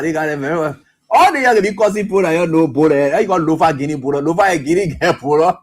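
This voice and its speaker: Liberian male radio host, fairly high voice, animated, mocking running commentary. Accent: Liberian English. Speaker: radio talk show host. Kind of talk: live call-in commentary.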